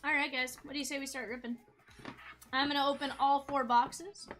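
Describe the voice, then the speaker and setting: A woman's voice: high voice, little pitch movement, fairly quick, a bit bright, faint music behind. A woman hosting a live card break stream, chatty and upbeat, talking straight to her viewers.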